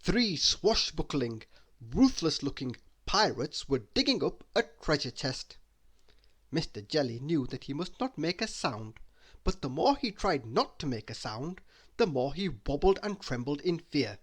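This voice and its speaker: Slow, lively bedtime storyteller man. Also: fairly high pitch. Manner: slow, expressive reading. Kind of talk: bedtime story read-aloud.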